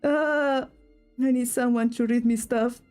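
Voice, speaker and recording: While drawing, a young woman from Spain chats to her stream in Spanish-accented English, rambling, interrupting herself mid-thought, and giggling softly. Her voice is on the high side, steady, smooth, and a little mellow, and she speaks a little slowly over soft background music.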